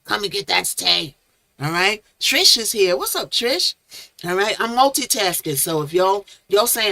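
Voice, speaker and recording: A bright, forceful woman hosts a live stream and talks straight to her chat, greeting viewers by name and tossing out playful made-up words. The sound is dry and close, with hardly any room in it. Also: mid-range voice, big pitch swings, measured pace, vocal fry, dry recording. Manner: chatty, reads chat names aloud, playful made-up words. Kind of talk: casual live-stream commentary.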